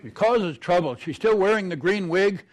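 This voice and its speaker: A man's voice: sits high, animated, normal speed. A man voicing a nervous young man who stutters, in a told story. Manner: stammering when nervous.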